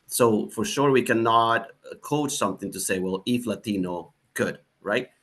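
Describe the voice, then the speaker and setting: A man speaking on a panel, animated and emphatic, with frequent "uh" and "you know" as he works through his ideas. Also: fairly low pitch, moderate pace. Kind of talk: panel discussion.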